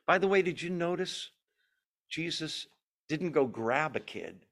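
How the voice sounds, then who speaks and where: A man teaching a Bible study in a lively, joking, conversational way. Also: a little high, unhurried.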